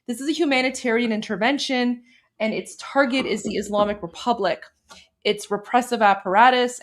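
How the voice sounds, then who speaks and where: Emotional Iranian-born woman live-streaming. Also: on the high side. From Iran. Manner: emotional, speaks with repeated restarts. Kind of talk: live stream talk and reading a translation aloud.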